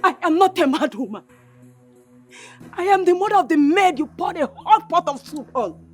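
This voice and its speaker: A woman's voice: extremely high pitch, big pitch swings, moderate pace, faint music behind. An actress playing the indignant, tearful mother of a palace maid, with a Nigerian accent. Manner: indignant, pleading.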